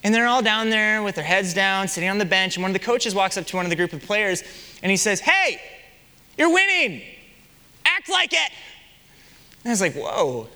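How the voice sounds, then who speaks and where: A man's voice: sits high, fast talker, smooth, in a large hall. A young man preaching a sermon, telling stories and asking the congregation rhetorical questions. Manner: animated storytelling with rhetorical questions. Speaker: pastor.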